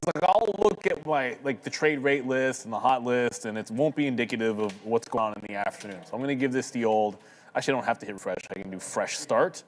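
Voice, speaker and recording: A man's voice: mid-range voice, slight background noise, poor audio. A man co-hosting a live trading show, chatty and upbeat, talking to viewers in the chat. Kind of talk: live market commentary chat.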